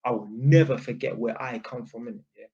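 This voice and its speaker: A young man with a London street accent speaks bluntly to camera, swearing freely and tagging his sentences with "innit". His voice sits at an ordinary middle pitch. The sound is a little dull and lo-fi. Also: fairly quick, warm tone. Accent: London (Multicultural London English). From England. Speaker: vlogger. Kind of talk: casual monologue to camera.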